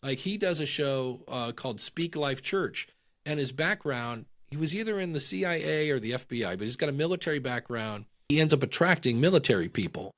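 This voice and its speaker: Middle-aged male guest, casual and animated, a storyteller who slips into voices. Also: medium pitch, fairly quick. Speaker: podcast guest.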